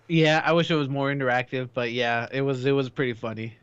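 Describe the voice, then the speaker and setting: A man co-hosting a radio show, telling stories in an animated way and acting out the lines he quotes. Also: medium pitch, brisk, clean tone, no room sound, highs cut off. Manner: animated storyteller, acts out quotes. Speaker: radio co-host. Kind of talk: casual radio banter and promo voiceover.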